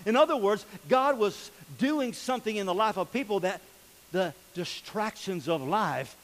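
Male pastor with a high voice, folksy animated sermon delivery, recorded in a reverberant church hall. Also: normal speed. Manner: folksy, animated preaching with shouts and laughs.

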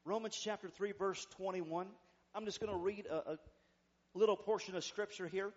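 A man's voice: sits high, steady tone, normal speed, dull audio. A man preaching a sermon as pastor, fervent, leading the congregation in call-and-response.

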